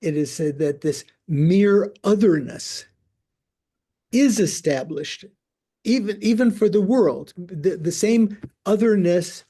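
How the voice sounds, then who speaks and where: Older male teacher with a warm, slightly high voice, explaining slowly with repeated false starts. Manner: halting, repeats words while thinking aloud. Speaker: Buddhist teacher. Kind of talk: discussing a text with a student.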